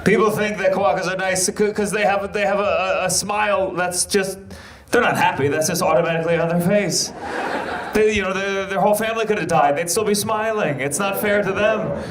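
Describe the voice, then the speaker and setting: A man's voice: high-pitched, fairly quick. A man from the United States, doing a stand-up set and crowd work on a club stage, often stammering and restarting. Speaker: stand-up comedian. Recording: echoey club with loud noise. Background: audience laughter.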